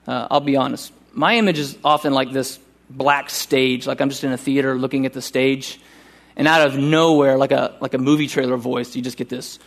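A male pastor preaching a sermon at a church service with earnest urgency, slowing down to read scripture deliberately. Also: medium pitch, flat delivery, vocal fry, a bit bright, a little hiss or hum.

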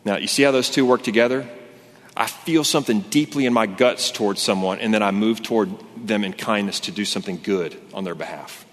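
Guy preaching in a church, kinda low voice, loose and chatty, big hall echo. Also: brisk. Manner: conversational and earnest, with many fillers and restarts. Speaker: pastor. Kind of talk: sermon. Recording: long hall reverb.

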